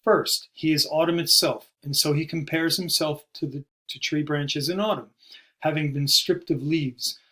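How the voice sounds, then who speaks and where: Measured, slightly high male lecturer. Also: steady tone, bright, forceful tone. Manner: measured, explanatory, slows to stress terms. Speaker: poetry teacher. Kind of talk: recorded video lecture.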